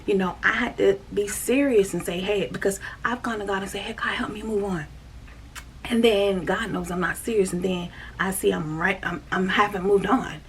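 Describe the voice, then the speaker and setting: A woman, talking earnestly and repetitively about her faith in a casual vlog, often dropping to a soft, breathy near-whisper. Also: medium pitch, steady tone, normal speed. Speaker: faith vlogger. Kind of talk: casual spiritual talk. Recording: distant mic with faint noise.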